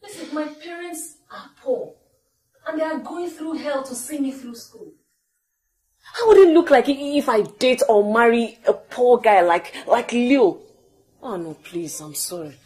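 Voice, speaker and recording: A woman's voice: sits high, expressive, normal speed, a little mellow, echoey room, rough recording. An actress with a Nigerian accent playing a proud, money-minded young female student who talks bluntly and defensively. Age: young adult. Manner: blunt, defensive, hesitant restarts. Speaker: university student. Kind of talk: Nollywood film acting.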